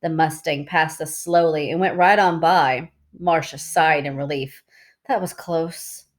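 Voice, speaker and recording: A woman with a lowish voice reads a novel aloud, chapter by chapter. Her narration is steady and plain. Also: a little slow. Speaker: reader.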